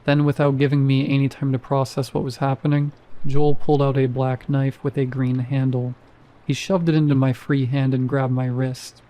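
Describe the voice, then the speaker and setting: A man's voice: mid-range voice, flat delivery, moderate pace, dark tone. A man narrating a first-person horror story in a dry, wry manner.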